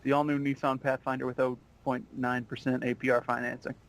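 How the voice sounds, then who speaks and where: A man putting on a booming TV pitchman voice. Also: flat delivery, brisk, natural voice. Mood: hard-selling.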